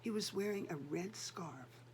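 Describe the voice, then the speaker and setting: A woman's voice: on the low side, animated, a little slow, slight background noise. A woman voicing a fussy, anxious lady who politely and frantically asks after her lost crocodile. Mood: frantic, polite.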